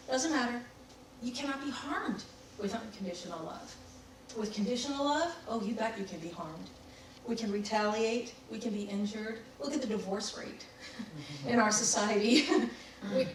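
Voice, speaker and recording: A woman giving a candid, reflective talk on personal growth, laughing at herself as she tells her own story. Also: a little high. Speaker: spiritual speaker. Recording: very echoey room, distant mic, faint noise.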